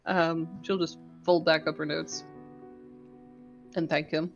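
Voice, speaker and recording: A woman's voice: low-pitched, level tone, slow, soft background music. A woman playing a tabletop game, giggling as she narrates what her character does. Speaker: player. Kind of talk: tabletop role-play narration. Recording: dull, lo-fi audio.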